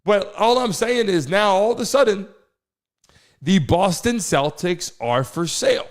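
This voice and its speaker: A high-pitched man hosting a live sports news stream. He talks in a loose, excitable way and keeps tossing rhetorical questions to his viewers. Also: a little slow. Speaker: host.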